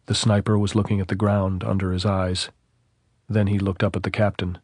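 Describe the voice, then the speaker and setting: Man, audiobook narration, low voice, husky, dry close recording, measured steady reading. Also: no echo.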